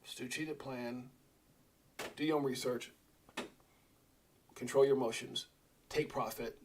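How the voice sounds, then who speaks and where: A man hosting a crypto livestream, talking casually and rambling with animated asides. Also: mid-range voice, a little hiss or hum. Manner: rambling, animated, quick asides and mock voices.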